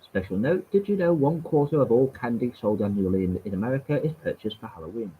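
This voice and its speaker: A man's voice: mid-range voice, animated, fast talker, slight background noise. A man reading history aloud from webpages, stumbling and repeating words, with wry casual asides. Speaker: channel host. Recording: tinny phone-like sound.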